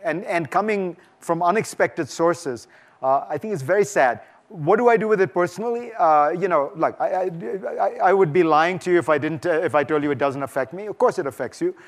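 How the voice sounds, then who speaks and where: A man's voice: on the high side, expressive, a little fast. A man giving a conversational, emphatic festival talk and taking audience questions, often restarting his sentences. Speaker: guest speaker. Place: lecture hall before an audience.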